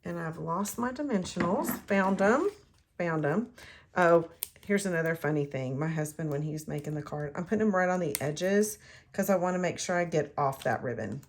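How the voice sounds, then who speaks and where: A woman's voice: low-pitched, fairly quick, slight background noise. A middle-aged woman, chatting her way through a card-making tutorial and talking to herself as she works. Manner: chatty, rambling, talks to herself while working. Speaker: craft demonstrator.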